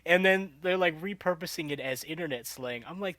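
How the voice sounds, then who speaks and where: A young man co-hosting a podcast, chatting casually, animated and laughing often as he acts out quotes. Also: a little high, fairly quick, crowd noise. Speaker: podcast co-host. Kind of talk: casual chat.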